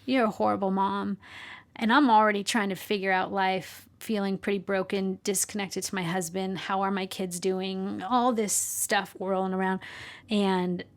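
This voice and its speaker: A woman's voice: medium pitch, flat delivery, moderate pace. A middle-aged woman, a podcast guest, telling a personal story with earnest emotion and small laughs.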